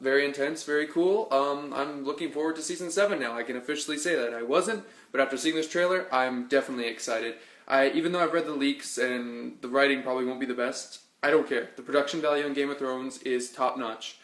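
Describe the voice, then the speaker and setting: A young man hosting his own video, giving a casual, enthusiastic breakdown of a trailer full of ums and excited asides. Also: mid-range voice, brisk, few pauses. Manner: chatty, filler-heavy, enthusiastic. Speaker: video host.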